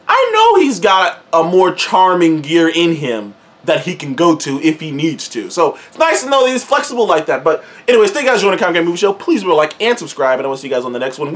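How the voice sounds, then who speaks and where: A young man hosting his own show, giving a casual movie review full of swearing, slang, laughs and repeated words. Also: high voice.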